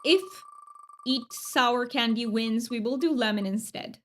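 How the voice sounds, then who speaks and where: A woman's voice: on the high side, unhurried. A woman streamer chatting casually while she plays, rambling with fillers and restarts. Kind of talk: casual gaming stream chat.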